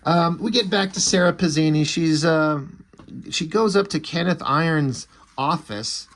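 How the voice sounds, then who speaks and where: A man's voice: on the high side, a little slow, a bit bright. A man casually recapping a comic book issue, rambling with fillers and swearing freely. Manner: rambling and profane, lots of fillers.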